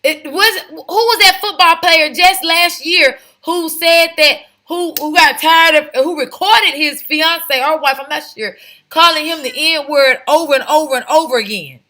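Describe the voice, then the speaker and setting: A woman's voice: high voice, measured pace, sharp tone. A woman giving opinionated vlog commentary, talking emphatically and firing off rhetorical questions. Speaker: commentary vlogger. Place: home, lives in Texas.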